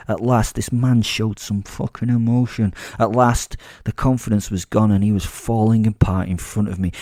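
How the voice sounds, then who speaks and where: A man narrating a first-person audio drama in a menacing, deliberate way. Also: on the low side, mellow, no echo, studio quality.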